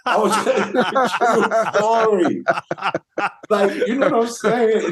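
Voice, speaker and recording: A man's voice: high-pitched, normal speed, crowd noise. A man in his fifties, a guest rapper, telling a story with lots of slang and acting out the voices of the people he quotes. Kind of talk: animated storytelling anecdote. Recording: roomy echoey sound.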